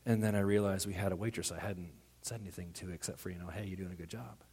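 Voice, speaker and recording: A man preaching a sermon as pastor, animated and quick to act out what others say, often restarting his words. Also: low-pitched, a little hiss or hum. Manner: animated, acts out quoted voices, frequent stammered restarts.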